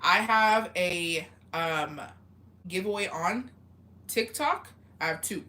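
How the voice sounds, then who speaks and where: A woman chats on a casual live stream, answering comments in a blunt, profane way. Her voice sits a little low but comes across bright and forceful. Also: slow. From Mexican heritage. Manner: blunt, profane, chatty, reads comments aloud.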